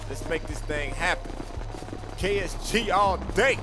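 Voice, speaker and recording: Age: adult. Sex: man. Style: hyped, slangy gaming roleplay banter as a gang leader. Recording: loud music behind the voice. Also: sits high, a little slow. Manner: hyped, trash-talking, slangy.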